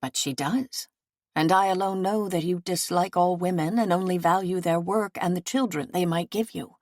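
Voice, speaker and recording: Woman reading as a quiet, subdued young wife. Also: lowish voice, steady tone, moderate pace, no room sound, studio quality, close to an everyday voice.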